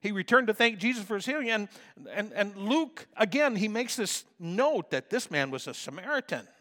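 A man preaching a sermon as a pastor, swinging from soft asides to loud emphatic calls. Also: high voice, animated, normal speed, in a large hall.

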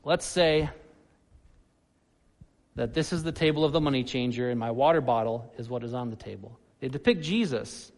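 A man preaching a sermon, animated, swinging between loud emphasis and soft asides. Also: medium pitch, normal speed, long pauses, big-room sound. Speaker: pastor.

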